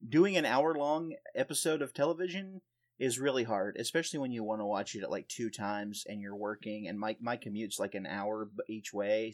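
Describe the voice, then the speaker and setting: A man with a Southern Appalachian accent, chatting casually as a podcast guest, self-deprecating and quick to laugh. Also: fairly low pitch.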